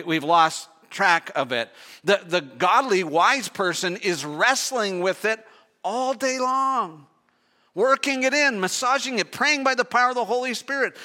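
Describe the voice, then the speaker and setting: Older preacher with a bright, forceful voice. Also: male voice, sits high. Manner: earnest, emphatic preaching with rhetorical questions and quick restarts. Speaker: pastor. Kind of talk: sermon.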